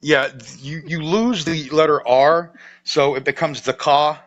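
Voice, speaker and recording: A man's voice: a little high, steady tone, measured pace, fairly bright tone. A man with a Southern US accent hosting a podcast, chatting in a folksy, joking way with frequent restarts. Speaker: podcast host, storyteller. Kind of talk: casual chat. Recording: slightly dull lo-fi audio.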